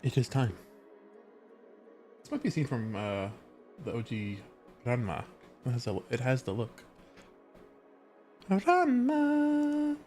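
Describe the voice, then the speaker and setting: A man's voice: medium pitch, moderate pace, long pauses, a little mellow, soft background music. An American man from California chatting casually on a live stream while he works, rambling and correcting himself as he goes. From California, USA. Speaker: livestreamer and game developer.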